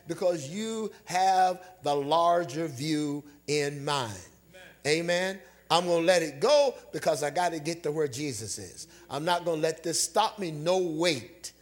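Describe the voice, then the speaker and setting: Preacher, male, slightly high voice; call-and-response sermon, repeats lines, half-sings the peaks. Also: a bit bright. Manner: call-and-response preaching, rising to near-song; repeats phrases, calls for amens. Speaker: pastor.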